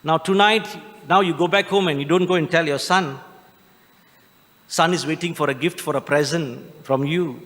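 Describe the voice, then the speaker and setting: A man with a Malaysian English accent, a Catholic priest giving a homely, joking Christmas homily with drawn-out emphatic phrases. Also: on the high side, a bit bright. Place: large church. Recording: long church reverb.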